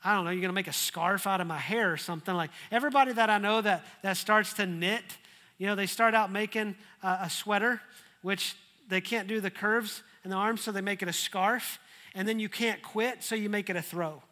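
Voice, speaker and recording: A man preaching a sermon, telling the story in a lively, humorous way. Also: high voice, fairly quick. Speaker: pastor.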